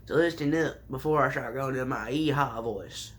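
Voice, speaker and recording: Man, sarcastic anime recap, rambling, jumpy pitch. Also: normal speed. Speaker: anime reviewer.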